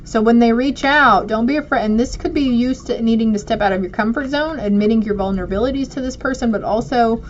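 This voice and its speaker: A woman's voice: fairly high pitch, quick pace, few pauses, a little hiss or hum. A woman casually reading oracle cards to her viewers, addressing them directly and affectionately. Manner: affectionate, speaks straight to viewers. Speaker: oracle card reader. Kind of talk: casual spiritual card reading. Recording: dull lo-fi audio.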